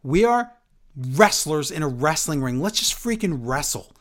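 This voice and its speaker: A man's voice: fairly high pitch, very animated, moderate pace, a bit bright. A man voicing a fiery male wrestler who rattles off the big names he has beaten. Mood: boastful. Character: proud, fiery male wrestler boasting of his wins.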